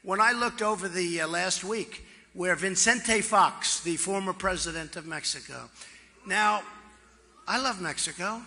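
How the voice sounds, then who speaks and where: At a large rally venue, a man in his sixties running for office boasts and repeats himself, tossing chatty asides to the audience. His voice is high and sharp-toned, at a measured pace, carried by the long reverb of a huge hall.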